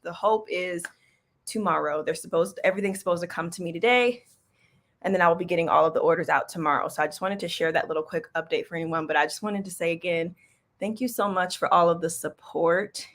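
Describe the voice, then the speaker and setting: A woman's voice: fairly low pitch, steady tone, fast talker. Chatty woman hosting a casual livestream. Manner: chatty, loose, breaks off mid-stream, laughs often. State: out of breath. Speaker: livestream host and small business coach.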